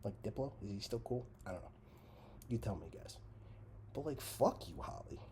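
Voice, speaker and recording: Sweary sarcastic guy ranting, lowish voice, mellow tone, a little faint background hum. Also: big pitch swings, normal speed. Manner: swears constantly, sarcastic, swings between shouting and muttering. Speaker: commentary show host. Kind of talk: profane comedic rant.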